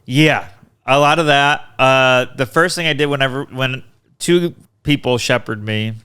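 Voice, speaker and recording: A man's voice: medium pitch, a little slow, sharp tone, clean tone. A man as a podcast guest, talking casually and laid-back, mostly giving short agreeing replies. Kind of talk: casual chat.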